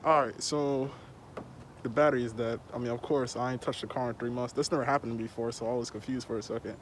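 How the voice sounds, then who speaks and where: A man's voice: medium pitch, fairly even intonation, fast talker, background noise. A young man vlogging casually while working on his car, with loose slangy talk and a bit out of breath under a mask. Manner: laid-back slangy talk. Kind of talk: casual vlog narration.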